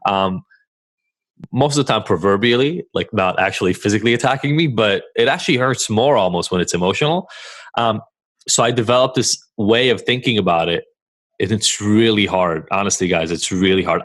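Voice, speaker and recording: A man co-hosting a podcast, speaking frankly and reflectively in a measured way with listeners. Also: lowish voice, fairly bright tone. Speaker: podcast co-host. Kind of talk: candid conversation with listeners.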